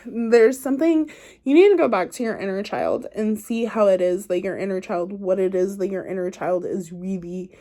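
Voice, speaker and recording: Tarot reader, woman, warm low-key tone, chatty and reassuring, addresses the viewer directly. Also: moderate pace. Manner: chatty, encouraging, talks straight to the viewer; loose and playful, says "like" and "y'all". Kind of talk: casual spiritual card reading to camera.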